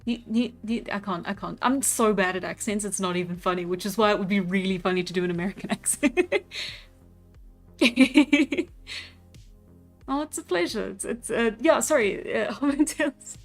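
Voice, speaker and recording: At a moderate pace and medium pitch, a young woman chats with her viewers while drawing on a livestream. She's chatty and giggly, laughing frequently and restarting often, and faint music plays in the background of this casual artist stream.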